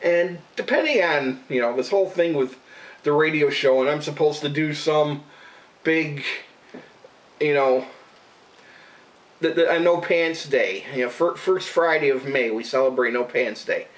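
A man's voice: on the high side, unhurried, distant mic, rough recording. Swearing, rambling man ranting. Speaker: radio show regular and vlogger. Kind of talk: casual profane rant to camera.

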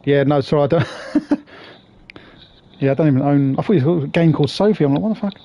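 A man chatting through a game stream, greeting viewers by name and swearing freely. His voice sits a little high yet sounds mellow and soft-edged. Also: fairly quick, dull audio. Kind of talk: casual live-stream chat.

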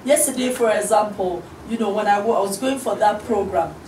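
A woman's voice: mid-range voice, a little fast, a little mellow. A middle-aged woman minister, a guest on an interview show, speaking in an earnest, encouraging way and acting out the voices she quotes. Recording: roomy studio audio from a distant mic, faint hiss.

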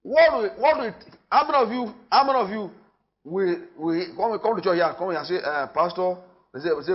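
A man with a Nigerian accent preaching a sermon in church. He talks with emphasis, repeats his phrases and swings from loud to hushed. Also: high voice, animated, a little fast, muffled recording. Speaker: pastor.

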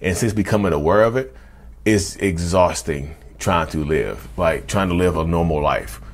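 A man in his thirties tells his life story to camera, candid and confessional, often calling his viewers y'all. His voice is low with lively intonation at a normal speed, and he restarts his sentences often.

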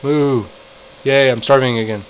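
A man talking through his own game session in an unhurried, drawn-out way, mostly muttering to himself. He breaks into frustrated outbursts and excited shouts as things go wrong or right. A faint hum sits under the voice. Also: mid-range voice, rough recording. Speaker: gamer. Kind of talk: casual gameplay commentary.

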